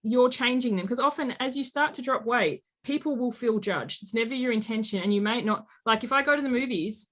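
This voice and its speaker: A woman in her late thirties, a life coach telling stories in an interview and acting out quoted speech with lively energy. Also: on the high side, a little fast, hardly any pauses. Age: late 30s. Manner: animated storyteller, acts out quotes. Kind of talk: conversational interview.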